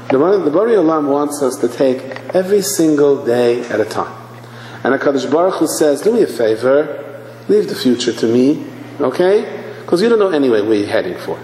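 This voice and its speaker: In an echoey hall with faint ambience and a little hiss or hum, a man in his fifties preaches at normal speed in a slightly high voice. He's a religious teacher who brings his sermon's stories to life by acting out the characters' quotes.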